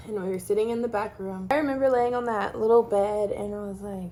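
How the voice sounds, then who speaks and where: A woman with a mellow, darker voice telling a personal story to camera. She talks casually, with frequent "like" and "um" fillers. She grew up in Texas. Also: mid-range voice, fairly even intonation, a little fast, few pauses, slight background noise. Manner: chatty, many fillers like "like" and "um". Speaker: vlogger sharing her story.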